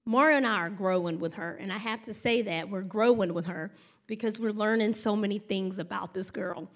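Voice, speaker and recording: A woman's voice: medium pitch, a little fast. A woman, preaching a sermon in a chatty storytelling way and talking to the congregation as y'all and honey. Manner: chatty, animated storytelling with laughs and acted-out noises. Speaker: pastor.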